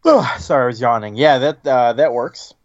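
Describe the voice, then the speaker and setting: A man co-hosting a podcast in casual chat, deadpan and blunt with some swearing. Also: medium pitch, moderate pace, no echo, muffled recording. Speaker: podcast co-host.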